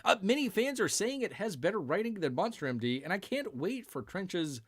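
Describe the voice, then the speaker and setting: A man hosting a live-stream news chat, rambling and speaking of himself in the third person, with drawn-out sighs and mumbled asides. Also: high-pitched, sing-song, breathy edge. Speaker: show host.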